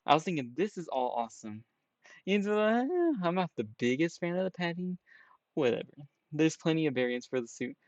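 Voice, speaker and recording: A man's voice: on the high side, very animated, fairly quick, no echo, soft background music. A man giving casual, rambling reaction commentary on a game trailer, peppering his talk with "you know" and "right?". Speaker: trailer reviewer.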